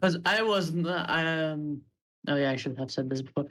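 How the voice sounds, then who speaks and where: A man taking part in a tabletop role-playing game, pausing and checking details with the game master. His voice sits a little higher than most men's. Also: a bit bright, poor audio. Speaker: player. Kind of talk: casual tabletop play.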